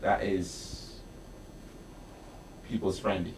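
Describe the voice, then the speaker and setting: Barbadian male candidate, forceful repetition, recorded off-mic in a roomy space. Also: sits low, flat delivery, drawn-out words, slight background noise. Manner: emphatic, repeats for effect. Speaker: panelist, political candidate. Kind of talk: political commentary. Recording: roomy sound, mic at a distance.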